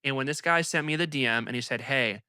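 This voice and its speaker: A young man hosting an investing video, talking to camera in an energetic, emphatic, conversational way. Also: mid-range voice, quick pace, clean tone, dry recording, clean studio sound. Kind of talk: casual commentary to camera.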